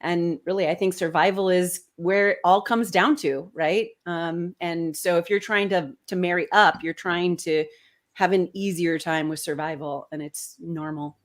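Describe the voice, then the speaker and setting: A woman calling in as a guest, talking in a gushing, warm way with many hesitations and ums. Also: fairly low pitch, steady tone, measured pace. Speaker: call-in guest. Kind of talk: casual chat.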